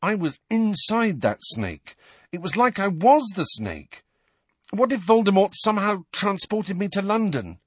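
A man's voice: sits high, sing-song, a little slow, breathy edge, no room sound, voice pushed up, full character voice. A man reading aloud and voicing a stiff, resentful teenage boy in an audiobook. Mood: sullen. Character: sullen, defensive teenage boy.

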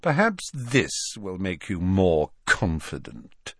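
Man reads cocky teen bully, icy contempt, lively swings in pitch; audiobook. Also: takes it slowly, dry recording, clean studio sound, heavily acted. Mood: sneering. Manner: cold, contemptuous. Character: sneering arrogant teenage boy, threatening. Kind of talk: audiobook character voice.

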